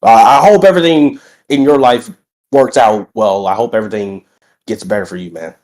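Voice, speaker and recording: A man's voice: lowish voice, a little fast. Hyped young man cutting a wrestling promo. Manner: boastful, lively, stretches greetings out. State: recovering from being sick.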